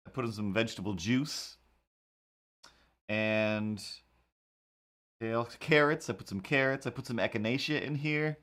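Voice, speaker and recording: A man's voice: medium pitch, measured pace, long pauses, fairly bright tone. A man chatting casually while he draws, rambling in a wry, incredulous way. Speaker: cartoonist streamer. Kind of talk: casual chat while drawing.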